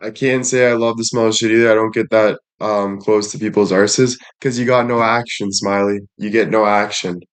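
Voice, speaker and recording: A man's voice: on the low side, fairly even intonation, normal speed, few pauses, clean tone. A young man ranting bluntly at his viewers with heavy swearing and repeated catchphrases. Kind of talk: profane rant to viewers.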